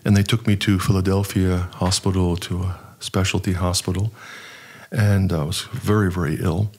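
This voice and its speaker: A middle-aged archpriest telling a personal story in an earnest, halting way, with many pauses and fillers. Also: male voice, low-pitched, little pitch movement, darkish tone, husky. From United States. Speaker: archpriest guest.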